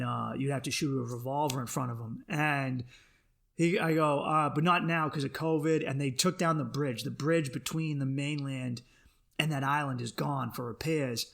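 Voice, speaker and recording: A man's voice: on the high side, moderate pace, vocal fry. A young man, telling a comic story on his podcast and acting out the other people in it. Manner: animated, acts out other people's voices in his stories. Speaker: podcast host. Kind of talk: comedic storytelling monologue.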